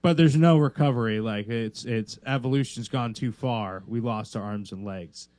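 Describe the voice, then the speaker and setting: A man's voice: medium pitch, moderate pace, darkish tone, no echo. Rambling, joking male podcast co-host. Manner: rambling, riffing on silly jokes. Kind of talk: casual chat.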